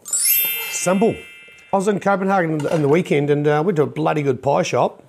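A man, co-hosting a podcast in rapid, profane, joking banter. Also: fairly high pitch, creaky, darkish tone, faint music behind. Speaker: co-host.

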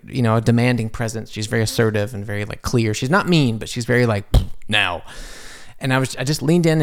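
A man with a gravelly, mid-pitched voice hosts a podcast from his home studio. He tells a story in a loose, animated way, laughing at himself and stumbling over restarts. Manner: animated, self-deprecating, many restarts. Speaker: podcast host. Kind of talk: casual storytelling.

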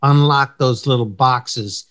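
A man's voice: mid-range voice, slow pace, a bit bright. A middle-aged man who works as a golf coach, talking bluntly and emphatically in a casual podcast chat, swearing freely.

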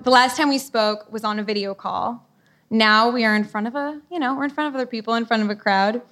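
A woman's voice: a little high, fairly quick, a bit bright, slight background noise. A woman hosting an onstage interview, chatty and self-deprecating. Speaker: host interviewer.

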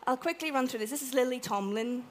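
A woman with an Irish accent giving a chatty, animated talk to a live audience, acting out little quotes as she goes. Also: high voice, fast talker, a little hiss or hum. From Ireland. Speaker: conference speaker. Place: event room with an audience.

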